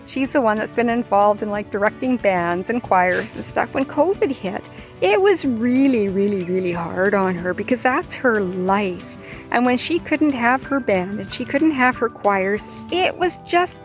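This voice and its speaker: Older grandma podcaster, heartfelt chatty storytelling, kinda high voice, faint music behind. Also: female voice. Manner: heartfelt, conversational with fillers and repeats. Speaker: podcast host. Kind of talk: personal reflective storytelling. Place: outdoors or near open air, plane overhead.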